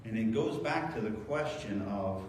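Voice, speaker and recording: A male pastor preaching a sermon, earnest and storytelling, moving between raised emphasis and quiet reflection. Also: fairly low pitch, lively intonation, unhurried, a little hiss or hum. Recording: very echoey church hall, voice from far off.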